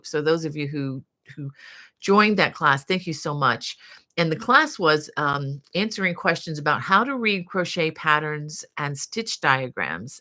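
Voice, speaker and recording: A woman's voice: low-pitched, sharp tone. A woman in her fifties from the United States, a crochet channel host chatting casually on a live stream, reading viewer comments aloud with many fillers.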